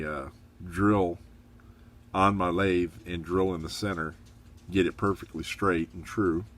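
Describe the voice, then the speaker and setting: Middle-aged man, very low voice, easygoing hobbyist reviewer, chatty and encouraging. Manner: relaxed, chatty, rambling with fillers; upbeat, encouraging. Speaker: model kit reviewer.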